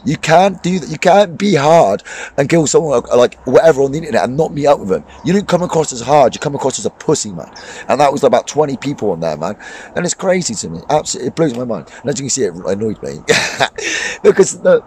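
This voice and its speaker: A man's voice: medium pitch, big pitch swings, fast, darkish tone, slight background noise. A man in a heated, blunt vlog rant, swearing often and breaking into laughs. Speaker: fishing vlogger and boxing coach. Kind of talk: ranting vlog monologue. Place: outdoors by a lake.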